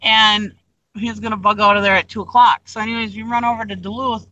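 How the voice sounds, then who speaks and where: Reseller host, female, lively chatty storyteller with a tense, bright tone. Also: medium pitch, fast talker, dry recording, dull audio. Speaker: online reseller hosting a livestream. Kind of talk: casual storytelling chat.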